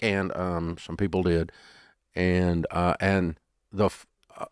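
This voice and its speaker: Low-voiced folksy man. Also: normal speed, clean tone, no echo, clean studio sound. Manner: folksy, animated storyteller. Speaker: guest, business founder. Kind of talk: storytelling interview.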